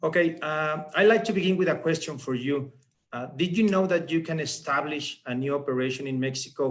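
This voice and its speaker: Give me a man with a fairly high voice giving an earnest business presentation. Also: fairly quick. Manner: earnest, emphatic, persuasive. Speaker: regional director presenting.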